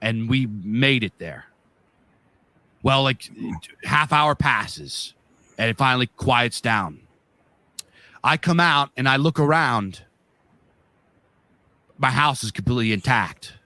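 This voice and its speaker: Taking his time with long pauses, a Pennsylvania man uses a mid-range voice that's sharp in tone and lively in intonation, recorded dry. He's a podcast co-host from the northeastern US casually telling a colorful, rambling story with lots of swearing and filler words.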